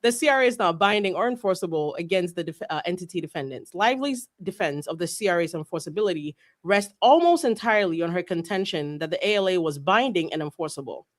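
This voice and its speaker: A woman's voice: on the low side, lively intonation, fast talker, few pauses. A woman co-host reads a court filing aloud in a casual podcast. She breaks off for irreverent, giggly asides and swears freely. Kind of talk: casual podcast chat and document reading.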